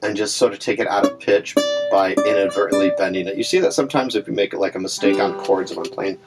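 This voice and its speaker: A man talks fast over music in a lowish voice while teaching ukulele. His instruction is casual and chatty, with fillers and asides as he works through examples, and ukulele playing fills the gaps between phrases.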